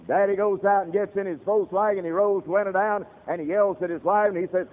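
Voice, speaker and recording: A preacher gives a fiery sermon full of stories, calling out directly to his congregation in a large hall. His high voice stays steady and fairly quick, and the audio sounds thin and tinny, like radio.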